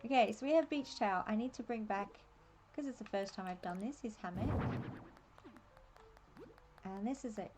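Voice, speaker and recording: An Australian woman streaming a game, chatting and thinking aloud in a relaxed, laughing way. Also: medium pitch, moderate pace, pauses often, over loud music. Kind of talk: casual live-stream commentary.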